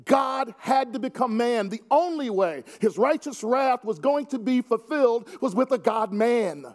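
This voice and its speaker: A man's voice: extremely high pitch, lively intonation, unhurried. A man preaching a sermon to his congregation, earnest with wry asides. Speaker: pastor.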